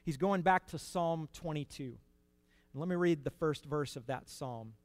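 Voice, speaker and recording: Earnest preacher, fairly high dry voice. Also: male voice, normal speed, dry recording. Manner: earnest, rising to emphatic peaks, conversational asides. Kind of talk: sermon.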